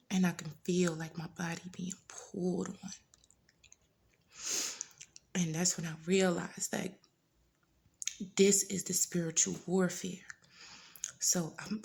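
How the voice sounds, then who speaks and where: Earnest woman with a gravelly low voice. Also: a little hiss or hum. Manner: earnest, repeats phrases for emphasis; drops into hushed whispers at times. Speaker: vlogger. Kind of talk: personal testimony.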